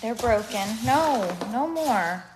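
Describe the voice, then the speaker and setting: A woman's voice: fairly high pitch, lively intonation, slow, noisy background. A woman talking casually to her phone camera in her yard as a parenting vlogger, chatting and exclaiming at her dog. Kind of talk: casual vlog chat. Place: outdoors at home, yard.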